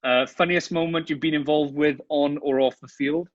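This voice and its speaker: A man hosting a podcast, asking brief quick-fire interview questions and laughing along. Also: fairly high pitch, fairly even intonation. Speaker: podcast host. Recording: dry, dull sound with faint music.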